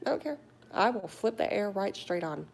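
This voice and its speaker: A middle-aged woman chatting casually on a phone livestream, reading viewer comments aloud with animated talk and whispered asides. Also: mid-range voice, moderate pace, creaky, a little hiss or hum. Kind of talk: casual live chat. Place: home in a warm state.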